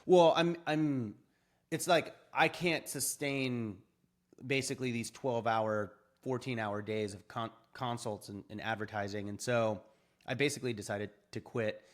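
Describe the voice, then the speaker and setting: A young adult man, a podcast guest, telling his story in an animated, casual way and acting out quoted dialogue. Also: mid-range voice, a little slow.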